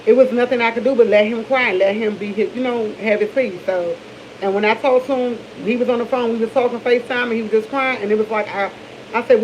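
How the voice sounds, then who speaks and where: A woman's voice: on the high side, fairly even intonation, fast, darkish tone, lo-fi sound, slight background noise. Middle-aged D.C. woman chatting candidly. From Washington, D.C. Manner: candid, rambling, with many restarts. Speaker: vlogger. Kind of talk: casual morning chat to camera.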